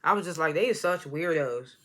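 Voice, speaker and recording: A woman's voice: deep voice, lively intonation, brisk, fairly bright tone. A woman casually recapping a reality show episode, laughing often and acting out what the cast said in loose, slangy talk. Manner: laughs often while retelling scenes; loose slangy storytelling, acts out quotes.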